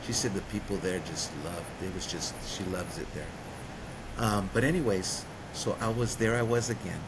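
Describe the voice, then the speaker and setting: A man earnestly telling his personal story of recovery in a conversation, going quiet at the heavy parts. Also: normal speed. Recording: vehicle rumble behind.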